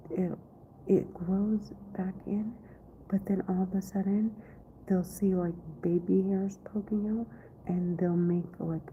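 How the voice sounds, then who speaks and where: A woman vlogging from her office in a rambling monologue, often half-whispered and halting, with many restarts. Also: on the low side. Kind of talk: rambling live-stream monologue. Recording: tinny phone-like recording, faint noise.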